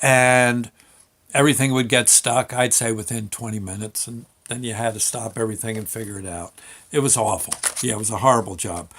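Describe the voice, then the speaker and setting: A man's voice: lowish voice, normal speed, fairly bright tone. A man telling a story from his working life in a casual, rambling way, full of fillers and restarts. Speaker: show host.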